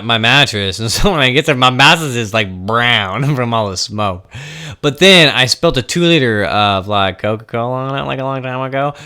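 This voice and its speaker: A young man telling a wild personal story in a loose, animated way, swearing and laughing at his own tale. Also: mid-range voice. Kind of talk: casual storytelling.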